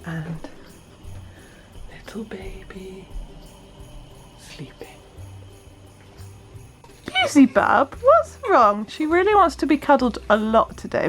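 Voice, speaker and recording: A woman and new mother chatting casually in her vlog, bubbly and gushing, slipping into sing-song baby talk. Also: mid-range voice.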